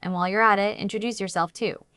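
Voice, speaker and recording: Woman putting on a stern young male vampire teacher from a storybook reading. He speaks with a British accent, low and a little husky, and clips his commands short. Recorded close and dry. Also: fairly even intonation, fast, bright, forceful tone, no echo, natural voice. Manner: curt commands.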